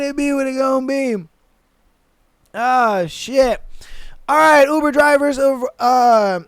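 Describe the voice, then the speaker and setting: A man's voice: very high voice, no room sound, clean studio sound. A man hosting a podcast, reading stories aloud and reacting with slangy, laughing commentary. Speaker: podcast host.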